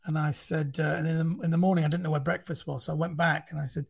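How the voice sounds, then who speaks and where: A comedian in his fifties with a London accent chats with animated energy. His voice is on the higher side with a husky edge. He keeps restarting his sentences as the stories tumble out. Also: rapid-fire, hardly any pauses. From central London. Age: 50s. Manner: animated storytelling with many restarts. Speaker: comedian guest. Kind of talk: casual chat.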